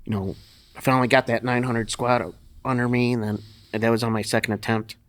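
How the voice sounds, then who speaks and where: A man's voice: medium pitch, level tone, brisk. Middle-aged man, podcast guest, salty and blunt storyteller, easy laugh, everyday mid-range voice. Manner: profane, blunt, laughs through his stories. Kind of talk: casual storytelling interview.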